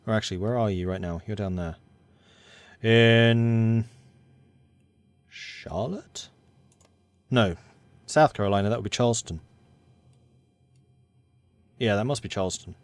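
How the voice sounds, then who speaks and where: A man's voice: lowish voice, measured pace, pauses often, no room sound. Man muttering over a strategy game. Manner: thinks aloud, muttering and correcting himself. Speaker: game streamer. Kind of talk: casual gameplay commentary.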